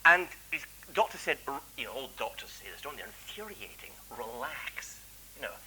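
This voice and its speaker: A man's voice: medium pitch, big pitch swings, a little fast, pushed and bright, a little hiss or hum, poor audio. A man giving a chatty, self-deprecating lecture as a clergyman, full of asides. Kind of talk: anecdotal public lecture.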